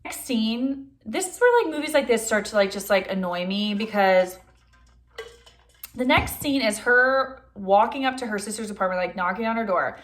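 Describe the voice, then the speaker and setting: A woman's voice: fairly high pitch, expressive, normal speed. Chatty exasperated young woman vlogger. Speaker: vlogger reviewing a film. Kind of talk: casual chatty movie review.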